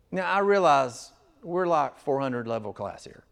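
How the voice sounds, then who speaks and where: A man preaching an expository sermon as pastor, earnest and emphatic, swinging between loud stressed phrases and quiet asides. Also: medium pitch, big pitch swings, measured pace, creaky, hardly any pauses, clear, resonant tone.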